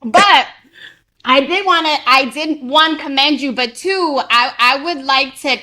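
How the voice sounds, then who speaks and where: A woman's voice: high voice, a little slow, bright, forceful tone. A woman from Connecticut hosting an interview, asking long rambling questions in casual chat and laughing often. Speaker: podcast host.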